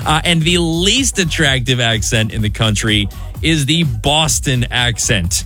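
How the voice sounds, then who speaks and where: A man's voice: mid-range voice, lively intonation, normal speed, bright, forceful tone, soft background music. A man hosting a morning radio show, chatting upbeat with jokey, laughing asides.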